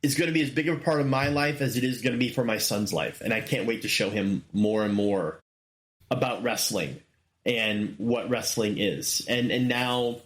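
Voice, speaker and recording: A man in his forties hosting his own show, telling a story in a casual monologue with excited, animated bursts. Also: medium pitch, normal speed. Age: 40s. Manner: excited, animated retelling with sudden loud bursts. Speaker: podcast host.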